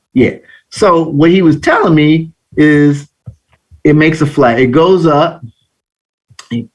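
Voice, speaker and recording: Animated man teaching trading. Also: on the high side. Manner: animated storytelling, slangy. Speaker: trading instructor. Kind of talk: live online trading lesson.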